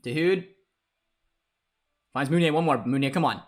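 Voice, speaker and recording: Excitable young man commenting a live match. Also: on the high side, normal speed. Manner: excitable, shouts and laughs at goals, groans at calls. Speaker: streamer hosting a football watchalong.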